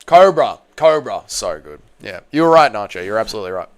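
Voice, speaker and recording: A man's voice: fairly low pitch, very animated, a little fast. An Australian man from Tasmania hosting a casual fight-night livestream, bantering with chat and swearing freely. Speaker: livestream host.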